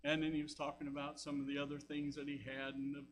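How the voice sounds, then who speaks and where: A man's voice: a little high, completely flat delivery, quick pace, background noise. An older man with a Southern American accent, preaching a sermon as pastor, telling folksy stories with frequent asides. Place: church sanctuary.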